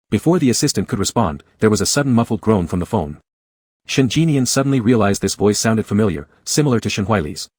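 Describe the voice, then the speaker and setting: Low husky male narrator. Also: animated, fast talker, a little mellow, no room sound. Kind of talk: scripted audiobook narration.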